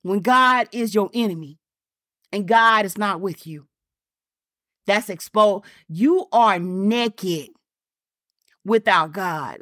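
A woman's voice: medium pitch, big pitch swings, slow pace, long pauses, a bit bright, no echo, clean studio sound. A woman preaching a fervent sermon, repeating lines for emphasis and calling out directly to her listeners.

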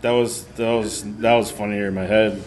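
A man hosting a podcast in casual rambling chat, halting and restarting, trailing off and laughing. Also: lowish voice, level tone, over a noisy crowd. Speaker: podcast host.

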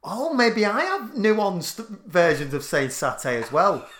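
A man's voice: high-pitched, big pitch swings, takes it slowly, fairly bright tone, a little hiss or hum. A man co-hosting a podcast, joking crudely and laughing often. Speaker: podcast co-host. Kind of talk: casual comic chat.

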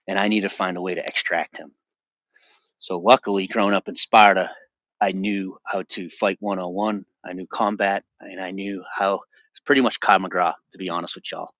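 A man's voice: low voice, bright, forceful tone, dry recording, muffled recording. A man in his forties from the Boston area, a podcast guest telling his personal testimony in an intense, emphatic way with frequent restarts. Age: 40s.

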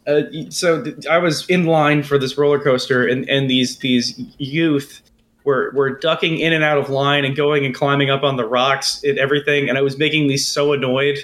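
A man's voice: mid-range voice, steady tone, normal speed, a bit bright. A man co-hosting a casual podcast chat, telling rambling anecdotes with many restarts and bursts of laughter. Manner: rambling, stammering storyteller who breaks into laughter. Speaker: podcast co-host.

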